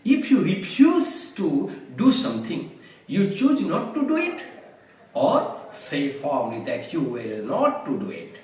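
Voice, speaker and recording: Slow, lively-pitched man teaching vocabulary. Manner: careful, deliberate explanations with examples. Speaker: English teacher. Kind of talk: slow explanatory vocabulary lesson. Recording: very echoey room, voice far from the mic.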